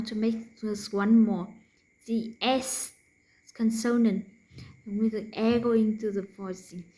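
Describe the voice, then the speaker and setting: Woman w/ vietnamese accent teaching pronunciation, talks slow, kinda high voice, repeats sounds and whispers the unvoiced ones. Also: mellow, poor audio. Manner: demonstrates sounds by repeating them, drops to whispers. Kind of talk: slow explanatory lesson.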